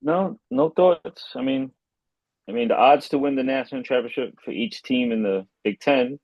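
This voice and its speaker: A man co-hosting a casual sports betting podcast, relaxed as he reads through odds. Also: medium pitch, moderate pace, no echo. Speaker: podcast co-host. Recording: dull, muffled line.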